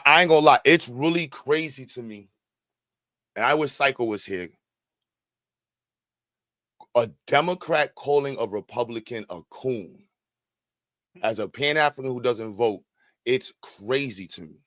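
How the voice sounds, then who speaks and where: Profane, animated man hosting a podcast. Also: medium pitch, measured pace, pauses often, no room sound, clean studio sound. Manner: animated, profane, swings between calm and loud. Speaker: podcast host. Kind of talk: casual commentary reacting to a clip.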